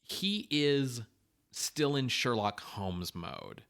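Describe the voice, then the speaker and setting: A man co-hosting a podcast in casual chat, animated and swearing, often acting out what people say. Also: mid-range voice, extremely slow, clean tone. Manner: animated, swearing, acts out quotes. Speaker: podcast co-host.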